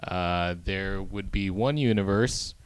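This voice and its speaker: Patient man explaining in halting starts. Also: sits low, clean tone, no echo. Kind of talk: casual chat.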